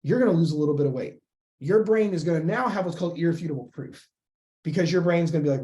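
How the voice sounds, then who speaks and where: A man coaching on weight loss in a casual, blunt and profane way, with lively acted-out inner voices. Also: fairly high pitch, fast talker.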